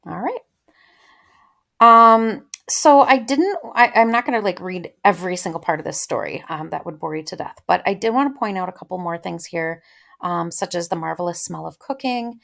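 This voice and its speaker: A woman walks her students through a short story in an easygoing lecture, pausing with ums while she thinks aloud. Her voice sits a little low and carries a gravelly edge. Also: lively intonation, a bit bright. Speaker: literature teacher. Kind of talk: casual close-reading lecture.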